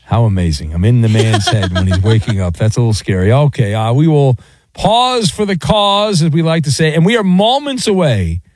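Lively teasing radio host man. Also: medium pitch, no room sound, clean studio sound. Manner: playful, teasing, quick ad reads. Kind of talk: late-night sports radio talk. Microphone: studio mic.

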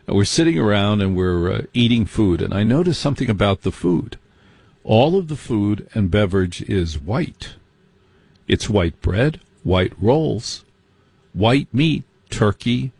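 A comedian telling an animated comic story, acting out other people's voices as he exaggerates. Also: lowish voice, breathy edge, no room sound.

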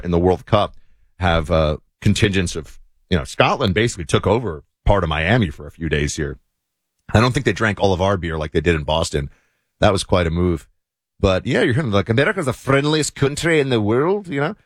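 A man's voice: low-pitched, no room sound, studio quality. A man hosting a talk show, chatting casually with many fillers. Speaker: show host. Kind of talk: casual political commentary.

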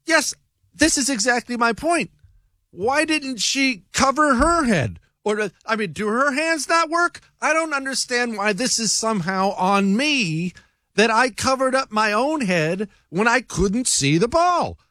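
A man hosting a talk radio show, telling an exasperated story and leaping up in pitch to stress his points. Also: lively intonation, a little slow, sharp tone, no echo, clean studio sound. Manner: exasperated storytelling, jumps to high pitch for emphasis. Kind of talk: animated talk radio monologue.

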